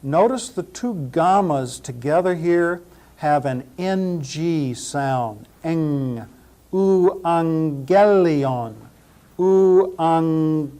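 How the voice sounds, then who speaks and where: A man teaching Greek pronunciation, saying each word slowly, repeating it, and spelling it out letter by letter. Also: a little high, animated, darkish tone. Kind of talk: slow pronunciation lesson.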